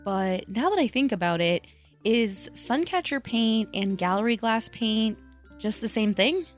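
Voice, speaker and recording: A woman crafter talking casually to her viewers in a chatty, self-deprecating way, thinking out loud as she works. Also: a little high, expressive, a little slow, faint music behind. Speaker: craft vlogger. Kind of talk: casual voice-over vlog.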